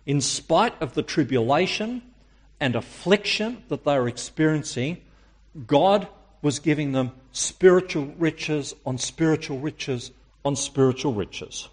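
A man preaching a sermon, emphatic and using dramatic pauses and rhetorical questions. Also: on the high side, expressive.

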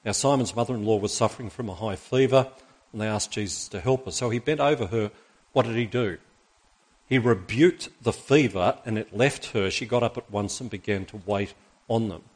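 A man's voice: fairly low pitch, moderate pace. A man preaching a sermon in church, reading Bible passages aloud and putting rhetorical questions to the congregation.

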